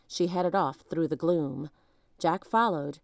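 A woman reading a children's chapter book aloud in an expressive storytelling manner. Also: sits low, takes it slowly, vocal fry, dry recording, clean studio sound. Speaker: storybook reader.

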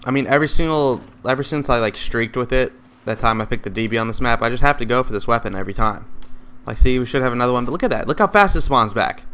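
Excitable, foul-mouthed gaming commentator, male. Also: medium pitch, smooth. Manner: excitable, profane trash talk; loose, rambling, jokey. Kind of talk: live gameplay commentary.

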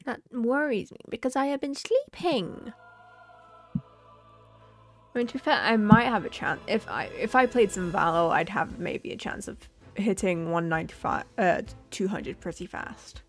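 A woman's voice: medium pitch, animated, measured pace, soft background music. A woman streamer chatting casually while she draws, rambling along and swearing now and then.

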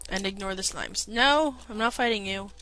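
A woman's voice: medium pitch, moderate pace, sharp tone. A woman giving casual gameplay commentary, chatting to herself and playfully telling off the game's enemies. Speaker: let's play gamer. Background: faint game music.

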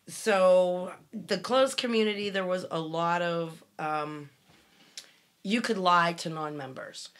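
A middle-aged woman with a fairly low voice, talking in a casual podcast chat. She is blunt and candid, with a dry, wry edge to what she says. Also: slow, fairly bright tone. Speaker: podcast co-host. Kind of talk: casual conversation.

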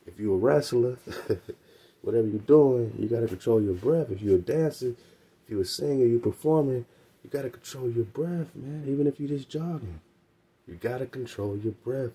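Low husky guy on the radio, mellow tone, preaching casual and slangy, repeats himself a lot. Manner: slangy, emphatic, repeats phrases; lively, laughing asides. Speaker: radio host. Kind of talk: informal religious teaching on radio.

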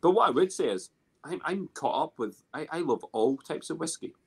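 A man's voice: on the high side, expressive, normal speed, husky. A man with a Scottish accent chatting casually on a video call, rambling with many restarts and fillers. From Scotland. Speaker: guest. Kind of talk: casual chat.

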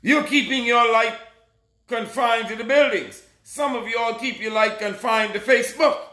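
A man preaching a fiery sermon, urgent and scolding, often breaking into shouts. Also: extremely high pitch, normal speed. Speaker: self-proclaimed messiah preacher. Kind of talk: fiery street-style sermon. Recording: roomy echo.

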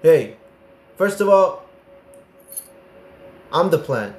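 A young man commentating a horror game as he plays, excitable and prone to sudden yelps and swearing. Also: on the high side, extremely slow, echoey room, slight background noise. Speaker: gaming streamer. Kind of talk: gameplay commentary.

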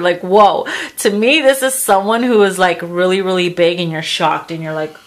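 A woman's voice: lowish voice, measured pace. A woman doing a casual tarot reading, blunt and crude, laughing often and acting out what people say. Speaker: tarot reader.

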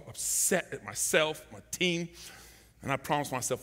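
A middle-aged man preaching a sermon, telling a story and acting out the shouted quotes. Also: a little high, moderate pace, big-room sound. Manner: animated, acts out shouted quotes. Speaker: pastor. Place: large church hall.

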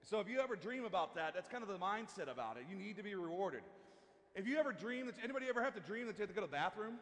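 A man preaching a sermon as pastor in a church, talking casually and haltingly with many restarts and asides. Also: sits high, sing-song, fairly bright tone, big-room sound. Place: church sanctuary.

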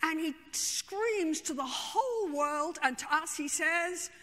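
A woman therapist tells an expressive story to a conference audience in a high, bright voice. She speaks slowly and with emphasis. A long reverb from the large hall trails behind her.

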